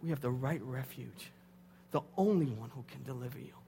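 A man in his thirties preaching a sermon, dropping to hushed tones and rising to loud, pleading intensity. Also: medium pitch, a little fast, creaky. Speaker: pastor. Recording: hall reverb with faint hum.

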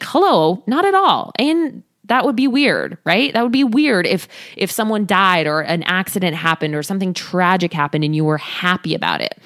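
A woman hosting a talk, coaching listeners in an earnest, expressive way and acting out their inner voices. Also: lowish voice, dry recording, studio quality. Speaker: podcast host, body image coach. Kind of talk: casual motivational talk.

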